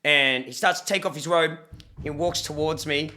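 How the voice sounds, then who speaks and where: A young man streaming, reacting to videos and telling a story in casual chat, animated and swearing freely. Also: fairly high pitch, moderate pace.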